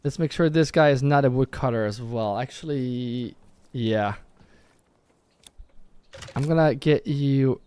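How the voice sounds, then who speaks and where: On a live stream with faint background music, a gaming streamer from Norway talks casually through his own gameplay. His medium-pitched voice has a darkish tone, and he thinks out loud, frequently correcting himself.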